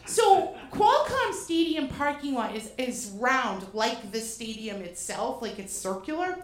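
Woman from Boston, high voice, animated, profane, self-mocking comic storytelling in a roomy, echoing venue. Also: a little slow. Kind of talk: comedic personal storytelling. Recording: roomy echo.

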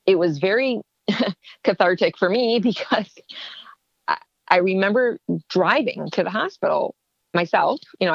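Female interview guest, lower register, animated storyteller, dry close recording. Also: creaky, no room sound, highs cut off. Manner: animated, acts out quoted dialogue.

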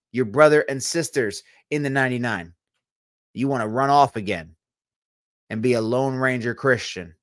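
A man's voice: mid-range voice, no room sound, clean studio sound. A young man, preaching a sermon in a blunt, conversational way with teasing asides. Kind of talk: sermon-style teaching.

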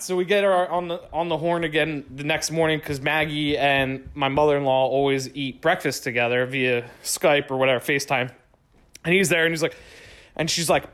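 A young man telling a long story in casual speech, excitable and swearing, with lots of "like". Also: a little high, normal speed. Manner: swearing, excitable, heavy use of "like".

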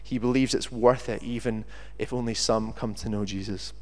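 A man's voice: fairly low pitch, normal speed. A man preaching a sermon and telling a story from his own life, acting out what people say. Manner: animated storyteller who acts out quotes. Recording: long reverb of a large hall.

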